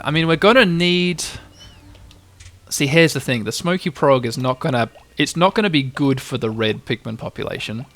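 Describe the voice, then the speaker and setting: A man's voice: mid-range voice, a bit bright. A man hosting a let's play, chatting casually and thinking aloud with frequent restarts as he plays. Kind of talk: casual gameplay commentary.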